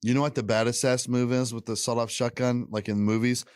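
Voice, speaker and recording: A man's voice: medium pitch, fast, smooth, dry recording. Joking man on a dry podcast mic. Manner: joking, animated storytelling with put-on voices. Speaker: podcast co-host. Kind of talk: casual chat. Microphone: headphones, podcast mic.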